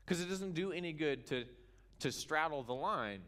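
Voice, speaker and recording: A pastor from Kansas preaching a sermon in church, retelling a scripture story with animated storytelling and acting out its characters. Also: male voice, a little high, normal speed.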